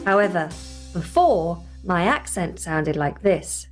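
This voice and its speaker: Crisp British woman teaching elocution. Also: mid-range voice, expressive, moderate pace, soft background music. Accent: standard British English. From north of England. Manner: clear, careful enunciation. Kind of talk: scripted online lesson.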